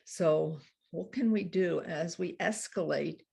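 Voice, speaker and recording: Husky, creaky-voiced woman coach. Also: lowish voice, slow, dark tone. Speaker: relationship coach. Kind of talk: teaching a couples workshop talk.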